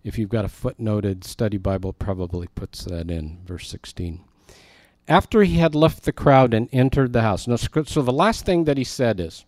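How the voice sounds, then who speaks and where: A man's voice: on the low side, animated, moderate pace, darkish tone, no room sound. Plain-voiced man teaching the Bible, dry sound. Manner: conversational, emphatic, with frequent asides to the class.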